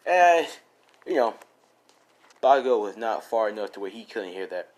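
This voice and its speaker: A man improvising a fan story out loud, rambling and profane, often correcting himself and laughing at his own lines. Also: on the low side, normal speed.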